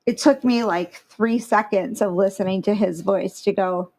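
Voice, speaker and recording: A woman co-hosting a podcast, telling a story in casual chat with quick agreeing replies. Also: medium pitch, vocal fry, a little mellow. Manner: chatty storyteller, quick backchannels. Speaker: podcast co-host.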